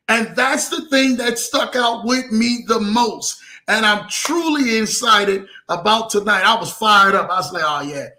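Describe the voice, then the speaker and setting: Male host for a live-stream motivational show: high, bright voice, hyped, leans on repeated catchphrases.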